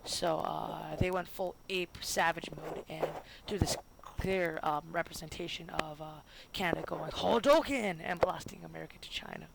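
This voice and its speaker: In a gravelly, creaky voice of medium pitch, a student rambles through a jokey homemade history lesson for a video at normal speed with few pauses. They're goofy, using lots of fillers, tripping over words and correcting themselves, while steady hiss and clicks sit behind the voice on a noisy recording.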